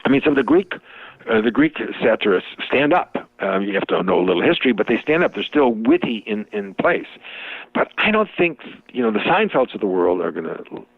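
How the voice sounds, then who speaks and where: An older man with a Chicago accent, a comic and professor, talks through storytelling jokes in an interview conversation, rambling and restarting often. His lowish voice is sing-song, brisk and creaky, with no echo, heard over a tinny, phone-like line.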